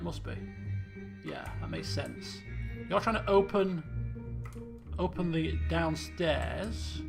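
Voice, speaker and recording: Thinking aloud while he plays, a man streams a detective game and questions himself as he pieces together clues. He speaks with a fairly high pitch and vocal fry, with game music behind him.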